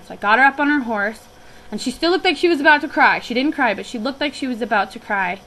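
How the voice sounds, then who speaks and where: A woman's voice: a little high, animated, fast talker, bright, forceful tone, rough recording. A young woman who works on a guest ranch, telling a personal story in a chatty, reflective way with frequent restarts.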